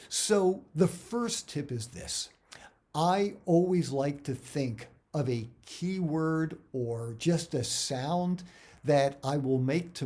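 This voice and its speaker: Male acting coach, conversational, instructional talk to camera, medium-pitched voice. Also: dark tone, husky. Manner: conversational, explaining with examples.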